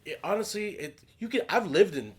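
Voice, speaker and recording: A man co-hosting a casual podcast, telling an animated story, acting out quotes and swearing freely. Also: high-pitched, brisk. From United States. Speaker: podcast co-host.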